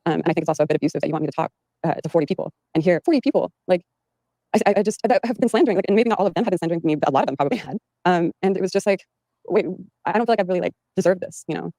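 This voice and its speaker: Female interview guest: fast, gravelly, rambling with many fillers and restarts. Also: fairly low pitch, animated, mellow, no room sound, poor audio. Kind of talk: recounting in an interview. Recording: played from an archived interview.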